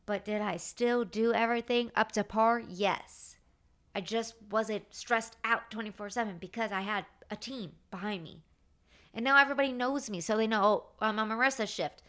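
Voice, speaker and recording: A woman, hosting her own podcast and telling work stories in a chatty, animated way, acting out what others said. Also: fairly high pitch, normal speed, clear, resonant tone. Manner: animated, chatty, acts out quoted dialogue. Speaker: podcast host. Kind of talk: casual storytelling monologue.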